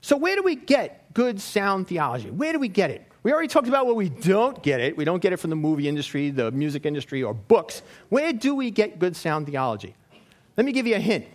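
A man giving a sermon in a lively, storytelling way, asking the same questions again and again. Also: sits high, brisk. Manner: animated storytelling with repeated questions. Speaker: lay preacher.

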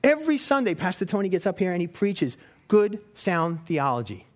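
A man giving a sermon in a lively, storytelling way, asking the same questions again and again. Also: sits high, normal speed. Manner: animated storytelling with repeated questions. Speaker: lay preacher.

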